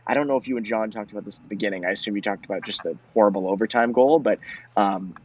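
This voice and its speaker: A man's voice: on the low side, rapid-fire, a little mellow, slightly rough. A man co-hosting a postgame hockey discussion, talking casually and rambling, filling his sentences with "like" and "um". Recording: dull lo-fi audio.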